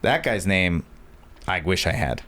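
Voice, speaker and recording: A man's voice: low-pitched, lively intonation, a little slow, sharp tone. A man from Virginia, a podcast guest in casual chat, telling self-deprecating stories with mock boasting. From Virginia, United States.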